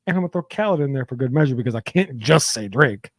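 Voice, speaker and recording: A man's voice: mid-range voice, lively intonation, fast, no echo. A man co-hosting a podcast in casual chat, opinionated and profane on a close studio mic. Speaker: podcast co-host.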